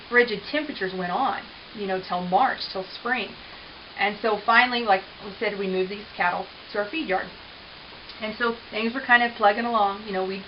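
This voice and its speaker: A woman rancher in an interview, telling her story in an earnest, halting way with many restarts. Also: medium pitch. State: tearful at times. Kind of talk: personal testimony interview. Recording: dull hissy recording.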